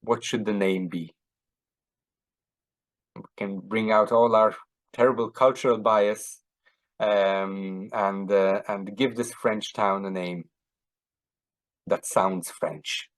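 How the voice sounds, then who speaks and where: A male drama teacher leading an online workshop over a video call. He talks slowly and haltingly, full of fillers and restarts, in a dry voice. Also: on the low side, fairly even intonation, no room sound. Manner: hesitant, many fillers and restarts.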